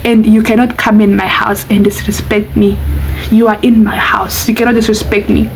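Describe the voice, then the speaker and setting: A woman's voice: medium pitch, level tone, normal speed, gravelly, a little hiss or hum, lightly acted, poor audio. A woman acting out a controlling young boyfriend in a storytime vlog, quoting him as indignant and commanding.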